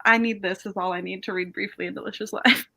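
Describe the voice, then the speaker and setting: Young woman, host of a reading chat over a video call; bright, chatty, quick to laugh at herself. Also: medium pitch, fairly even intonation, gravelly. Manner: chatty, laughs often, self-deprecating. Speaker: host of a reading sprint stream. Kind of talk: casual chat.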